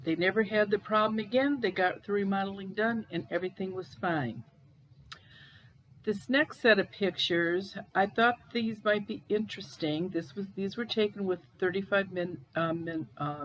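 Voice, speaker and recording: A woman from Cleveland, Ohio, telling ghost stories in a casual, halting way, with pauses and restarts. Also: medium pitch, muffled recording, slight background noise. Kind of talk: casual storytelling.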